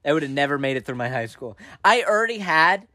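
A man's voice: on the high side, quick pace, no echo, clean studio sound. A young man, a podcast co-host, telling a story from school in casual chat and acting out the people in it. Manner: animated, acts out the people in his stories.

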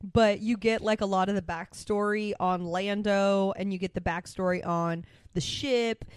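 A woman with a mid-range voice, making considered points in a casual movie chat and pausing on frequent ums. The recording is dry and close. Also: mid-range voice, fairly even intonation, clean tone, no room sound. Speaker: podcast co-host.

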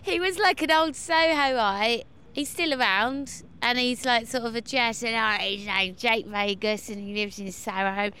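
A woman's voice: a little high, measured pace, hardly any pauses, background noise. A woman in her thirties with a London accent, chatting casually as a guest, telling stories, laughing often and swearing freely. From England. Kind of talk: casual chat. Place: walking tour outdoors in the East End.

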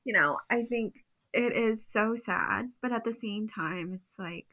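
A woman's voice: on the high side, unhurried, pushed and bright, rough recording. A woman who is a podcast guest, comforting and upbeat in casual chat, laughing often.

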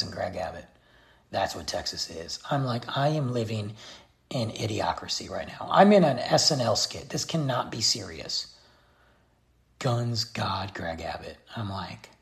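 A man's voice: medium pitch, creaky. A man giving a blunt, exasperated opinion rant straight to his viewers. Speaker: vlogger. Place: Texas.

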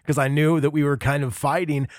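A man in his forties hosts a podcast in a relaxed, friendly chatting manner. His voice is recorded dry and close, with no room sound. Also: fairly high pitch, fairly quick, no echo. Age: 40s. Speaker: podcast host. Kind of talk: casual interview chat.

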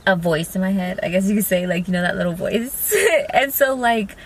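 A young woman hosting a podcast, chatting casually and softly in a parked car with a friend. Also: mid-range voice, moderate pace. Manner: laid-back, soft-spoken, giggly. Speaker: podcast host. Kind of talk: casual chat. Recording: faint background noise in a car.

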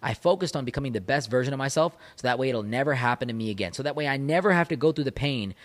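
A man's voice: mid-range voice, animated, rapid-fire. A man talking as a breakup coach into a microphone, intense and emphatic, repeating phrases for punch. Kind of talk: motivational monologue. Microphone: studio microphone.

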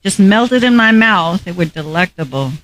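A woman's voice: fairly low pitch, animated, moderate pace, fairly bright tone. A woman co-hosting a casual podcast, telling stories with frequent giggles. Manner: giggly storytelling, frequent laughter. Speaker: co-host.

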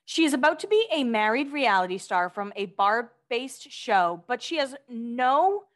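Young woman co-host, slightly high voice, chatty, giggly. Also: big pitch swings, measured pace, fairly bright tone. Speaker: podcast co-host reading blind items. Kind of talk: casual chat.

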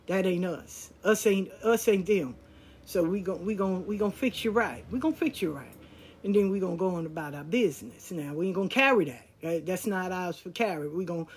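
A podcast host telling a family story in a relaxed, conversational, slangy way. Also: medium pitch, husky. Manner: conversational, relaxed, slangy, with lively quoted dialogue. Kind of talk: casual storytelling monologue.

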